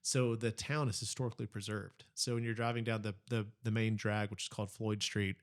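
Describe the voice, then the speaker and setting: A man with a somewhat low voice talks loosely in an interview. He is a pastor who rambles through stories, restarting sentences and leaning on fillers. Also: little pitch movement, brisk. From Nebraska, Texas, Kentucky. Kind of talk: casual interview chat.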